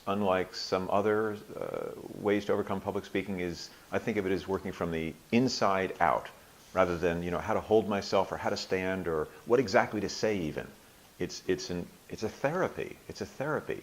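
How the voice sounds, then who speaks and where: A man in his sixties answering interview questions thoughtfully, pausing and restarting, now and then acting out his own inner voices with playful emphasis. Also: low voice, slight background noise, low-quality recording. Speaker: interview guest, workshop alumnus.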